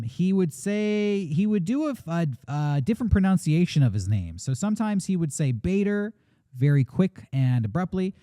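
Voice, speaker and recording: A man hosts a casual podcast, telling a story in a relaxed, joking style full of fillers. His pitch swings widely as he talks, and his tone is mellow and warm. The sound is dry and close, with no room echo. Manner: chatty and jokey, with many fillers. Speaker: podcast host.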